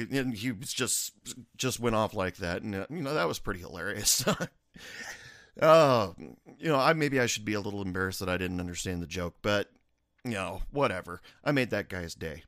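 A young man hosting a podcast, telling jokes and stories in a casual, animated way. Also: on the low side, normal speed, dry recording, studio quality. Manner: animated storytelling, joking. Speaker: podcast host. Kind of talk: casual chat.

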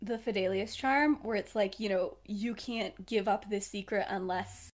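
A woman's voice: mid-range voice, measured pace. A young woman co-hosting a podcast, telling a story in casual chat, with many fillers and laughs. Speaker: podcast co-host.

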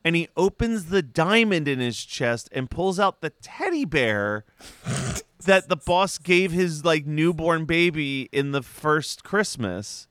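A podcast co-host with a bright, crisp, slightly high voice recounts a cartoon plot at a slow pace but with lively, animated energy. He swears freely and acts out the characters' lines in quotes. The recording is close and dry, with no room sound.

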